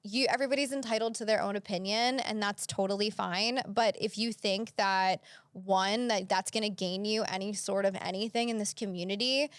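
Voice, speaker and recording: A woman's voice: mid-range voice, fairly even intonation, moderate pace, clean tone, no room sound. A young adult woman hosting a podcast, talking bluntly in casual chat with lots of "like" and "you know". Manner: blunt, filler-heavy, says "like" often. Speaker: podcast host.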